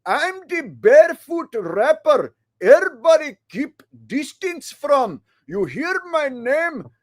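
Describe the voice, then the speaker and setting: A crude, boastful hillbilly rapper with a thick Indian accent, as a man puts him on, pitched well above his normal voice. He draws out each line in a slow, half-sung rap delivery. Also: big pitch swings, full character voice.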